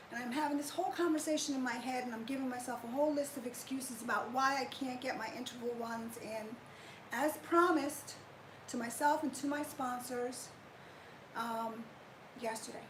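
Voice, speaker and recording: A woman's voice: sits high, reverberant, a little hiss or hum, poor audio. A woman in her fifties chatting animatedly on a live fitness stream, greeting viewers by name. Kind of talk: casual live chat to viewers.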